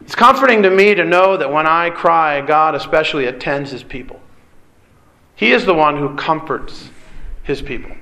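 A man's voice: a little high, animated, normal speed, bright, forceful tone. A middle-aged man preaching a sermon, earnest and direct, asking the congregation rhetorical questions. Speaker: pastor.

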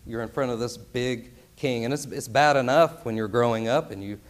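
An earnest male preacher delivering a sermon with plenty of emphasis, leaning into key words. He keeps checking in with his listeners through rhetorical questions, at an ordinary pitch for a man. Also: moderate pace.

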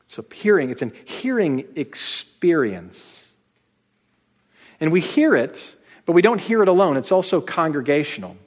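A man preaching a plain-spoken, emphatic sermon to his congregation, slowing down to stress his points. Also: a little high, big pitch swings. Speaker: pastor. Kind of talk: conversational sermon. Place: church sanctuary. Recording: long reverb of a large hall.

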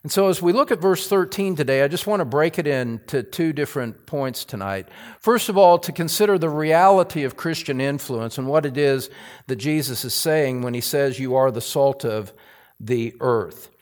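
A male pastor preaching a sermon, building to emphatic, forceful stress on key lines. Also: a little high, lively intonation, normal speed. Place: church sanctuary.

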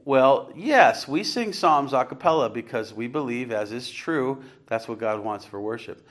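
A man's voice: mid-range voice, expressive, unhurried. A man preaching an earnest, conversational sermon, rising to emphatic points and putting questions to his congregation. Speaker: pastor.

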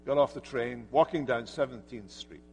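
A man's voice: mid-range voice, normal speed, darkish tone, a little hiss or hum. A man preaching an earnest, emphatic sermon as pastor in a church sanctuary. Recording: church hall reverb.

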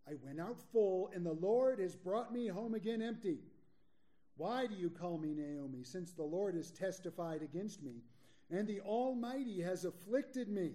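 A bitter, witchy old widow speaks with a sour, accusing edge, as a preacher puts her on. The voice stays mellow and soft-toned as it reads the scripture out dramatically. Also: high voice, animated, normal speed. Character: bitter witchy older woman, grieving widow.

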